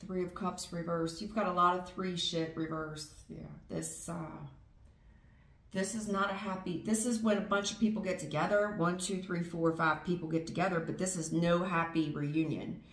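A woman giving a casual tarot reading in a blunt, profane, animated way, acting out people's feelings as she goes. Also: lowish voice, moderate pace, echoey room. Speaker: tarot reader.

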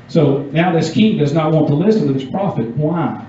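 A man's voice: a little high, a little fast, hardly any pauses, warm tone, slight background noise. A man giving a youth sermon, reading scripture and asking the audience casual questions. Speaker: youth pastor. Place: church meeting room. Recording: echoey dull room sound from far off.

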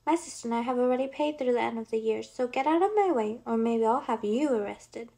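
A defiant young woman, bold and frantic, in an audiobook, voiced by a woman reader. Her voice sits high and rises sharply when she shouts. She pushes hard against anyone in her way. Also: fairly quick, close to an everyday voice. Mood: urgent, defiant. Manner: pleading, then shouting.

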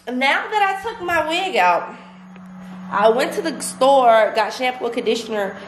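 A young woman vlogging to camera at home, venting frankly with heavy swearing. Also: on the high side. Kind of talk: casual vlog rant to camera. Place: indoors at home. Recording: echoey room with clear background noise.

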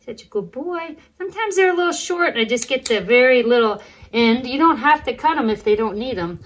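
A woman host talking casually to viewers while trimming her dogs' nails, coaxing them with soft praise. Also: fairly high pitch, lively intonation, a little fast, low-quality recording. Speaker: alpaca farmer and channel host. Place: indoors with the dogs on a farm.

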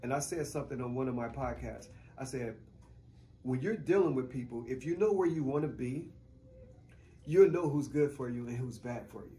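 A man talking casually as a guest in a radio interview, an animated storyteller who uses street slang and laughs easily. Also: medium pitch, moderate pace, a little hiss or hum. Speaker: guest choreographer.

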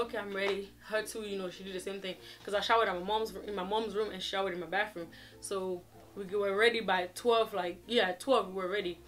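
A young woman in her twenties, talking straight to her viewers in a lively, chatty storytime. Her voice sits at an ordinary middle pitch. Faint music plays softly behind her. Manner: animated, chatty, acts out quoted dialogue. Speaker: vlogger. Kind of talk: casual storytime chat to camera.

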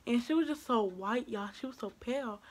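A young woman vlogger telling a casual storytime, animated, acting out quoted asides and dropping to hushed whispers at times. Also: fairly high pitch, fairly quick, slight background noise.

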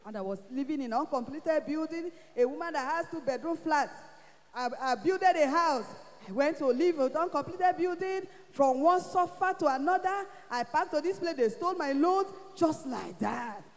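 High-voiced Nigerian woman giving testimony. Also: moderate pace, long reverb tail. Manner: animated storytelling, acting out quoted speech. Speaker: testifier at a church service. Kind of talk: church testimony. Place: church hall.

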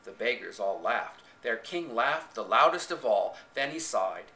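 A man's voice: mid-range voice, big pitch swings, unhurried, sharp tone. A man reading a story aloud in the first person with dramatic expression, recorded on a home camcorder in an echoey room. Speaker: reader.

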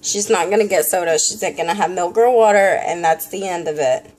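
A woman's voice: fairly low pitch, fairly quick, a little mellow. A woman babysitter talking to the camera in a casual home video, coaxing and soothing a child.

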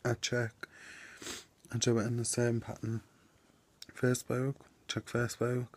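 A man's voice: medium pitch, completely flat delivery, measured pace. A young man vlogging on a town street into a phone, chatty and self-mocking. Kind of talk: casual vlog chat.

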